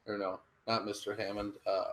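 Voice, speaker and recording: A young man co-hosting a podcast, relaxed and easygoing in casual chat, laughing often while he answers quiz questions. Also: fairly low pitch, moderate pace, crowd noise. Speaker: podcast co-host.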